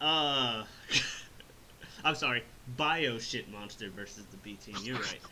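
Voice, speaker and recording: A man's voice: mid-range voice, slow, background noise. A man hosting a casual review chat, rambling, swearing and laughing as he recaps the story. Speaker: host reviewing an animated film.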